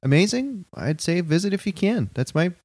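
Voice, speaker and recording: A man's voice: high-pitched, very animated, normal speed, a little mellow, dry recording. A young man co-hosting a comedy podcast, talking in a laid-back, rambling, easily amused way. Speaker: podcast co-host. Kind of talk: casual comedy podcast chat.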